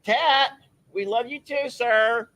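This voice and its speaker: A man's voice: extremely high pitch, slow. Chatty man on a farm livestream. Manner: chatty, teasing, animated. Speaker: livestream host. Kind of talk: casual livestream chat. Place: outdoors on a farm.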